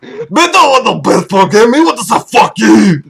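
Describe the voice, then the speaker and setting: A man's voice: high-pitched, very animated, normal speed, vocal fry, a bit bright, slight background noise, exaggerated voice. A man putting on a drunk mock-Scottish brogue. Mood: blustering. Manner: broken grammar, blurted.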